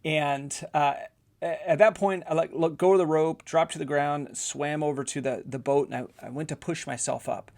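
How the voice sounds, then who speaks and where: A man's voice: a little high, fairly even intonation, normal speed, vocal fry, a little mellow. A middle-aged man hosting a podcast, telling a casual story with many repeated words and fillers. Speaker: podcast host, physical therapist.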